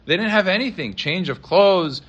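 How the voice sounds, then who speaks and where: Rabbi, dramatic storyteller, fairly high voice, acts out the quotes. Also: male voice, lively intonation, normal speed, a bit bright, muffled recording. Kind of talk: storytelling sermon.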